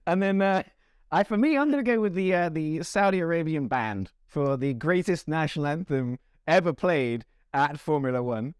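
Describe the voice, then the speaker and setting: A man co-hosting a sports podcast, chatting casually, animated and joking, laughing often. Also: a little high, moderate pace, clean tone, dry recording, clean studio sound. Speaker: podcast co-host. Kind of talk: casual chat.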